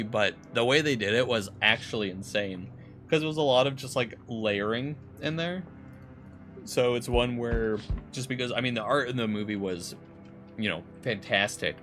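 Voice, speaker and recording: A man's voice: medium pitch, moderate pace, a bit bright, soft background music. A young man casually rambling and swearing while playing a horror game. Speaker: streamer. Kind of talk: casual gameplay commentary.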